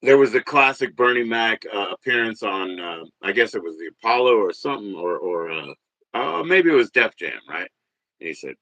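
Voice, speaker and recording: A man in his forties hosting a livestream, rambling and swearing, jumping from loud bursts to mutters. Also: fairly low pitch, expressive, moderate pace, no echo, rough recording. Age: 40s. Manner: rambling, profane, swings between loud and muttered. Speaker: livestream host. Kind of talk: casual livestream rant.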